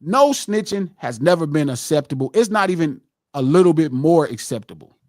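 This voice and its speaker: A middle-aged man hosts a live podcast in a heated, profane lecture. His voice sits high and leaps up and down with great animation. The sound is dry and close. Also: very animated, moderate pace, darkish tone, no room sound. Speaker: podcast host.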